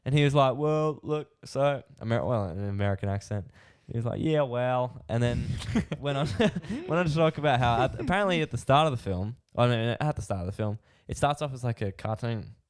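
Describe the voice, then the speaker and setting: A man's voice: medium pitch, fairly quick, few pauses. A young Australian man co-hosting a podcast, telling a rambling story in casual chat, full of fillers. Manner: rambling, filler-heavy, animated retelling. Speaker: podcast co-host.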